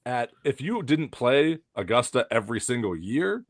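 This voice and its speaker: A man's voice: mid-range voice, very animated, normal speed, no echo, clean studio sound. A man co-hosting a casual golf podcast, arguing his points one by one. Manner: argumentative, makes his case in points. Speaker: podcast co-host. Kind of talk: casual sports chat.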